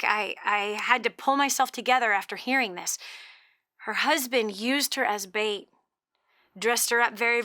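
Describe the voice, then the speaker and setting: A woman radio host with an earnest, conversational delivery and a bright, high-leaning voice. She often doubles her words as she restarts a thought. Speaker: radio talk show host.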